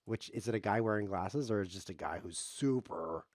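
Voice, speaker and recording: A man streaming online chess, talking in a playful, rambling way with deadpan jokes as he plays. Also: on the low side, a little fast, dry recording, clean studio sound. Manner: jokey, rambling deadpan asides. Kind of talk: playful live commentary while playing.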